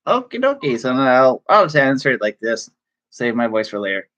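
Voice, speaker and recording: A man chatting casually on a live stream from his room, excitable and chatty, laughing often. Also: medium pitch, fairly quick, highs cut off. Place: home room.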